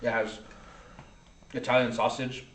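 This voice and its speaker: A man's voice: mid-range voice, little pitch movement, measured pace, a bit bright, echoey room, slight background noise. A man in his thirties co-hosting a casual podcast, telling stories with lots of swearing and laughter. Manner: profane, laughing storyteller. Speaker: podcast co-host. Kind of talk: casual chat.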